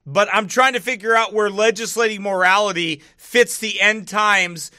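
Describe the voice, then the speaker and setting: Man, casual video commentary, bright forceful tone, slightly high voice, mocking, laughs a lot, preachy streak. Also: steady tone, moderate pace, no echo, studio quality. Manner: mocking, laughs often between remarks; preachy when turning serious.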